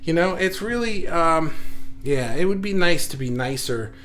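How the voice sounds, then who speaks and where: A man hosting a casual live stream, reading viewer comments aloud and thinking out loud with many restarts, recorded indoors under studio lights. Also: a little high, expressive, unhurried, a little hiss or hum. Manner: rambling, self-correcting, reflective. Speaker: livestream host. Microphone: facing camera, reading viewer comments.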